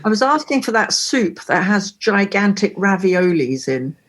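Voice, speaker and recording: A woman, a singer-songwriter guest, chatting casually in an interview and telling lively stories with frequent laughs. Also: medium pitch, a little slow. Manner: lively storyteller, laughs often.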